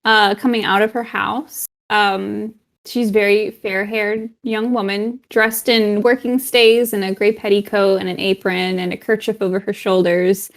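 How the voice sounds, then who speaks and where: Woman GM, casual narration, mid pitch. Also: a little slow, few pauses. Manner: relaxed, with fillers. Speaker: game master. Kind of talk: narrating a tabletop game.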